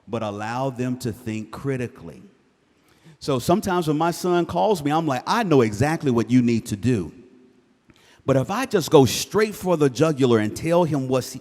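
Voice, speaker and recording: A man speaking to incoming students' parents at a university event, animated and joking, asking the crowd to answer back. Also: on the high side. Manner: animated, jokey, calls for audience response. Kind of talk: live presentation to parents. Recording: hall reverb.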